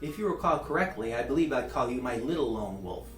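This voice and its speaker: A man reading aloud, voicing an affectionate mother who speaks gently but firmly. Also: medium pitch, brisk, reverberant, distant mic, faint music behind, close to an everyday voice, rough recording. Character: calm, affectionate, serious mother.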